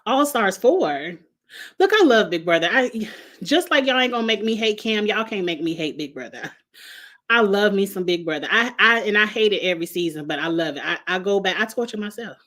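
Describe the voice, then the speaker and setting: With a fairly bright, medium-pitched voice, she talks briskly and animatedly as host of a reality TV review show. Reading viewer comments in a casual chat, she's blunt and sassy, with frequent laughter and cursing.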